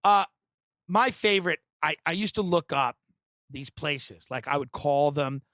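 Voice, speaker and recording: A comedian from the United States on a podcast, telling a long story in a sardonic, animated and provocative way. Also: male voice, a little high, measured pace, dry recording.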